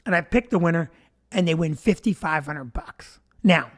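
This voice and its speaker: A man telling a stand-up story on a comedy club stage, animated and acting out crowd voices. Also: on the high side, normal speed.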